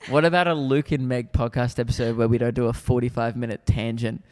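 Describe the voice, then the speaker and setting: A man's voice: mid-range voice, fairly even intonation, fast, darkish tone. A man co-hosting a podcast, chatting casually and rambling through stories. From Australia. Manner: rambling storyteller, laid-back. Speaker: podcast co-host, comedian. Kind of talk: casual chat.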